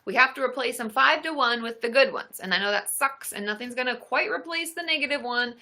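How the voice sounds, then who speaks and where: Bright, upbeat woman therapist live-streaming. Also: on the high side, fairly quick. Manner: upbeat and encouraging, squeals excitedly at gifts. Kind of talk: live-stream chat answering viewers.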